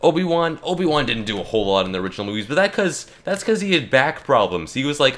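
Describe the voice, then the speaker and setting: Bright-voiced young man ranting jokingly. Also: lowish voice, expressive, fast talker, few pauses, a little hiss or hum. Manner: joking, rambling, many fillers and restarts. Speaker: gaming YouTuber. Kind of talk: casual rant while playing.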